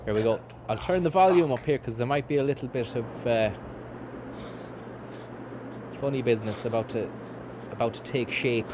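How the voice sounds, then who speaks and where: A man streams a game and rambles on in a loose, sweary patter, reading out chat as he goes. His voice sits at an ordinary middle pitch, with a faint low hum under the recording. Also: fairly quick. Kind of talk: casual let's-play commentary.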